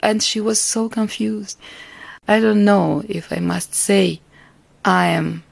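A woman from Russia, a Russian native speaker, giving an interview about her life and art in an earnest, reflective way, with soft laughs between thoughts. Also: mid-range voice, takes it slowly, vocal fry, no room sound. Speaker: artist and interviewee. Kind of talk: interview answers.

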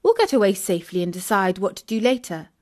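A woman's voice: medium pitch, big pitch swings, quick pace, lightly acted. A woman voicing a sensible, cautious young girl detective, speaking earnestly.

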